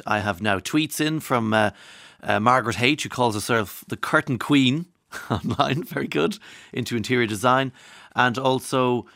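A man's voice: medium pitch, moderate pace, vocal fry, a bit bright, no room sound, studio quality. A man with an Irish accent hosting a radio show, chatting casually, joking and reading out listener messages. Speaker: radio host. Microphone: studio microphone.

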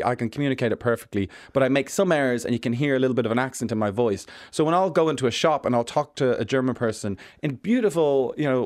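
Young male comic, quick jokey chat, rattles along fast. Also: mid-range voice, darkish tone, dry recording, studio quality. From Ireland. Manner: quick, jokey, puts on voices in anecdotes. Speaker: comedian guest. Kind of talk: casual interview chat.

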